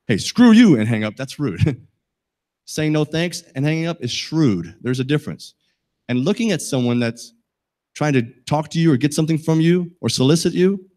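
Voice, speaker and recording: A man's voice: medium pitch, a little mellow. A middle-aged man giving a safety talk to a live audience, folksy and joking, asking the listeners questions. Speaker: safety presenter.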